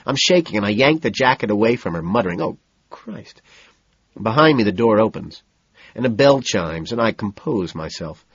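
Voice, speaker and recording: A man narrating a novel in the first person, in a cool, measured, deadpan manner. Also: on the low side, husky, no echo, dull audio. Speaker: audiobook narrator.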